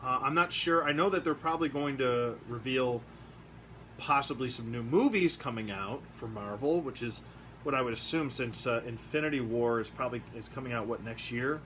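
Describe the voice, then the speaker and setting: A man who collects toys, chatting in a rambling, excitable way with lots of fillers, recorded in a room at home. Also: mid-range voice, normal speed, slight background noise. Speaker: toy collector vlogger. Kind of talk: casual rambling review vlog.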